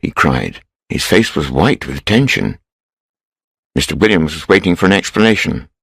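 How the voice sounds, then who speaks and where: A man reading a story aloud in a steady, measured way for English learners. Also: rumbling low, creaky, slightly rough, no room sound, poor audio. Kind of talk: scripted storybook narration.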